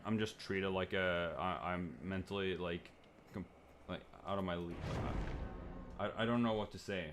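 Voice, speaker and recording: A young man streamer venting in a rambling, frustrated way, swearing and stammering through restarts. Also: slight background noise. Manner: jumps to high, loud mimicking when quoting others.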